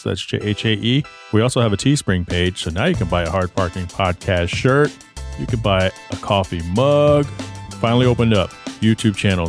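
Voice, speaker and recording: Low-voiced man hosting a podcast. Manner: relaxed, upbeat reading of thanks and plugs. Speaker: podcast host. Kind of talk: casual podcast outro.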